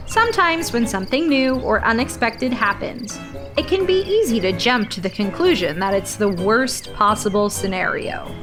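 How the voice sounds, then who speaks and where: A woman's voice: on the high side, lively intonation, moderate pace, over music. Lilting woman reading a children's story. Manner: gentle, clear and lilting. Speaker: storyteller and podcast host.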